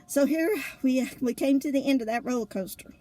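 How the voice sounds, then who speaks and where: A woman telling a funny personal story in a lively, colloquial way, laughing often between lines. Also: high-pitched, brisk. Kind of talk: casual spoken storytelling.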